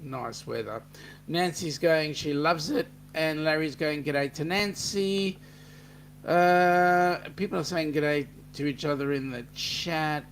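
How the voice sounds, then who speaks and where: Chatty Australian man, slow and easygoing. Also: fairly high pitch, slight background noise. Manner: joking, chatty, reads viewer comments aloud. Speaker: host. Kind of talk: casual livestream chat reading comments.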